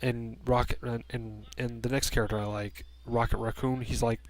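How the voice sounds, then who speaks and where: Man, casual movie review, rambling, lots of restarts, mid-pitched voice, at home. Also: flat delivery, moderate pace. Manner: rambling, with frequent restarts and fillers. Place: room at home by a heater.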